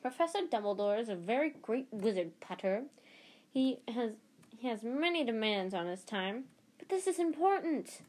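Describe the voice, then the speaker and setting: A woman's voice: fairly high pitch, very animated, normal speed, darkish tone, voice pushed up. Woman doing a strict old lady professor, cold, clipped and curt, storybook reading. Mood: stern. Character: stern older female professor, cold and strict.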